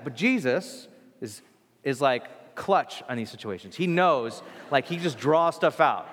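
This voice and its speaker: A man preaching a sermon in a casual, animated storytelling manner. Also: mid-range voice, a little slow, in a large hall.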